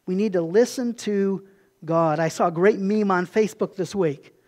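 A man preaching a sermon in a relaxed, conversational way, slipping into quick acted-out asides. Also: high-pitched. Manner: conversational, acts out voices in quotes, animated asides. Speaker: pastor.

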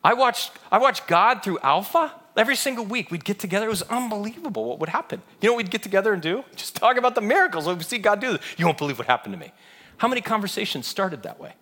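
Bright-voiced pastor preaching with animation. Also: male voice, high voice, fast, few pauses. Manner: animated storytelling, acts out voices of others. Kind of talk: sermon.

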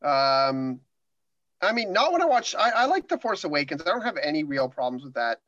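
A man's voice: on the high side, sing-song, moderate pace, bright, forceful tone, dry recording, highs cut off. A man in casual conversation about movies, rambling with many restarts. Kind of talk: casual chat.

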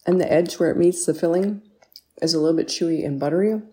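A woman's voice: on the low side, fast talker, dark tone. A woman hosting a casual home baking vlog in her kitchen, chatty and enthusiastic, with lots of ums and appreciative mms. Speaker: baking show host.

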